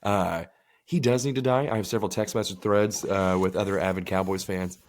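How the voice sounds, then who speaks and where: A man's voice: deep voice, steady tone, brisk. A man co-hosting a podcast, telling rambling, profane stories in casual chat. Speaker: podcast co-host.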